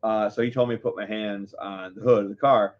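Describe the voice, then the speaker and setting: A man's voice: on the low side, steady tone, a little fast. Male live-show host, heated and profane storyteller, rambling delivery, muffled lo-fi audio. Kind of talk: casual storytelling to viewers. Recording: dull lo-fi audio.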